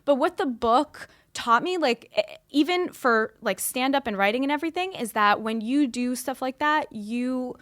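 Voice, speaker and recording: High-voiced chatty woman host. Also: expressive, normal speed, few pauses, fairly bright tone. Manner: chatty, self-deprecating, lots of "like". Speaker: podcast host. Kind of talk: casual chat.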